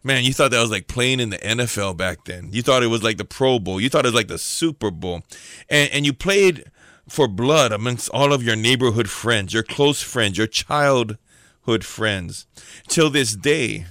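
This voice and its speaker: A man's voice: medium pitch, lively intonation, normal speed, bright, forceful tone, no room sound. Preacher guy, middle-aged, reflective storyteller, dry close sound. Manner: storytelling, reflective, rhetorical questions. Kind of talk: sermon.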